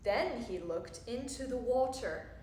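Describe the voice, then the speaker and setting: A woman reading a rhyming picture book aloud in an expressive, sing-song way. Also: a little high, measured pace. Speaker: storyteller. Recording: roomy echo, faint background noise.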